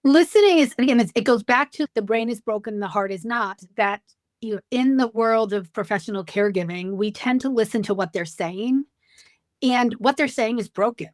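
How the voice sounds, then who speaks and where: A middle-aged woman, a dementia care expert, telling stories in a lively conversational way and acting out the dialogue. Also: fairly high pitch, normal speed, dry recording, studio quality. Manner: storytelling, animated, acts out dialogue. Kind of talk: conversational podcast interview.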